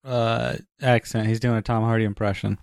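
A man's voice: on the low side, flat delivery, moderate pace, vocal fry, a little mellow, no room sound, clean studio sound. A man co-hosting a podcast, chiming into a casual movie chat with wry, joking asides. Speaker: podcast co-host.

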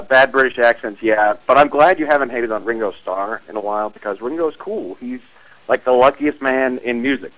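Rambling caller from Oregon, lo-fi line. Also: male voice, medium pitch. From Oregon, USA. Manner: rambling, laid-back. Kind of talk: casual voicemail.

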